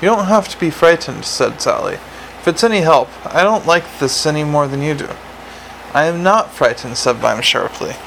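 A woman's voice: low voice, lively intonation, normal speed, creaky, fairly bright tone, slight background noise, exaggerated voice, low-quality recording. A man voicing an earnest, polite young female vampire applying to join the police. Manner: polite, eager, a bit defensive.

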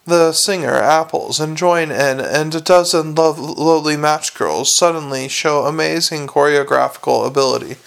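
A man reading a comic fantasy novel aloud, in a wry, steady way with small slips. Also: on the high side, creaky. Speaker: audiobook narrator.

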